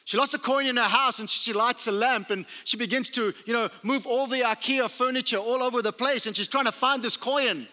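A man's voice: very high voice, brisk, hardly any pauses. A man pastor preaching a sermon, telling stories and acting out the quotes with animation. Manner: storytelling, animated with acted-out quotes. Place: church sanctuary. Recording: long reverb of a large hall.

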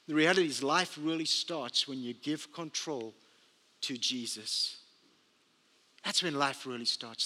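A man's voice: medium pitch, measured pace. A man pastor preaching a sermon, telling stories and acting out the quotes with animation. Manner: storytelling, animated with acted-out quotes. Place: church sanctuary. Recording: long reverb of a large hall.

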